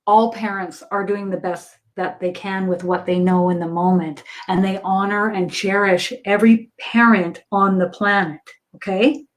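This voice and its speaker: A woman's voice: medium pitch, steady tone, normal speed, few pauses. A woman working as a psychic medium, talking casually on a livestream with lots of fillers and easy laughter. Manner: chatty, laughs often, many fillers.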